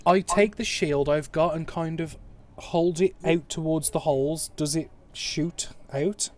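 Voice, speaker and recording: A man playing a tabletop game online, animated and swearing freely as he works out his moves aloud. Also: fairly high pitch, unhurried. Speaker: player. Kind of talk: casual tabletop game chat.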